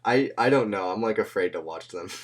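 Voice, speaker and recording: Man, podcast host, slightly low pitch, casual slangy chat, frequent laughter. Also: expressive, moderate pace. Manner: loose and slangy, swears freely, laughs often.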